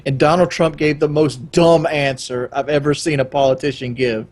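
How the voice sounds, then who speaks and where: A young adult man hosting a casual podcast, rambling and animated and swearing freely. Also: a little high, moderate pace. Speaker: podcast host.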